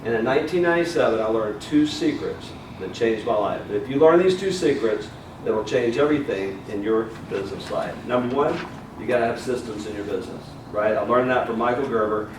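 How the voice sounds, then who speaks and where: A man's voice: medium pitch, lively intonation, fairly quick. Southern US male speaker, middle-aged, engages the crowd; captured in a roomy hall at a distance, light background noise. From Alabama, US. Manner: storytelling, asks the audience questions, tag "right?". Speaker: motivational speaker. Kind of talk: keynote speech to a live audience. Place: large hall with audience. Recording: echoey hall, mic from far off.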